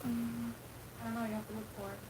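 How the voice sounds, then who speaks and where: A woman helping co-host a livestream, quickly pointing out viewer comments. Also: fairly high pitch, level tone. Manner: quick, prompting. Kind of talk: casual livestream chat. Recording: noisy background.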